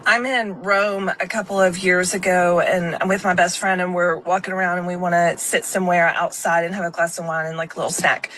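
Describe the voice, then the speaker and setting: A woman from the United States telling a travel story in a chatty, frank, animated way. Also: fairly low pitch, a little fast, hardly any pauses, slight background noise, rough recording. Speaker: storyteller in a clip. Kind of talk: casual storytelling.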